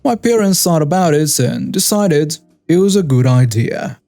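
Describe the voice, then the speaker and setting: Male narrator for story videos; steady, even read, dry close sound. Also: on the high side, normal speed, no echo, soft background music. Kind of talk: scripted narration.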